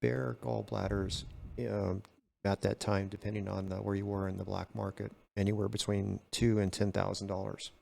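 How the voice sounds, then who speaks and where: Older man, low gravelly voice, casual storytelling, acts out the dialogue. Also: level tone, normal speed, darkish tone, a little hiss or hum. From California. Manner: acts out both sides of dialogue in his stories. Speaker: retired game warden, podcast guest.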